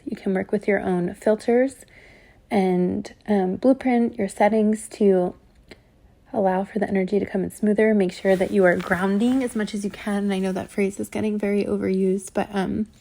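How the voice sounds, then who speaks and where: A woman reading and commenting on a channeled spiritual transmission, speaking haltingly with many ums and likes and a slightly shaky voice. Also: medium pitch, vocal fry, warm tone. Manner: halting, full of ums and likes, trips over words.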